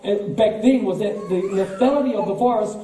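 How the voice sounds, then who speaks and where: A man's voice: high voice, a little fast, dark tone. A man with a New Zealand accent giving an emphatic speech to a live audience, firing off rhetorical questions and repeating words as he goes. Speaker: political party speaker. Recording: echoey hall, voice from far off.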